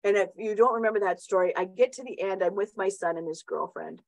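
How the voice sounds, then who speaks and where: A woman's voice: mid-range voice, quick pace, gravelly, dry recording, low-quality recording. Middle-aged woman giving a motivational talk, rambly and chatty, keeps asking right?, very dry close mic. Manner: chatty, many restarts and tag questions. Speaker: host.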